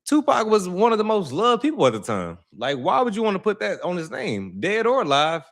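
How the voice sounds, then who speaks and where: A man's voice: high voice, huge pitch swings, brisk, vocal fry, a bit bright. A man hosting his own channel, telling a story in casual slang and acting out the quotes. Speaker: channel host. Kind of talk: casual commentary to camera.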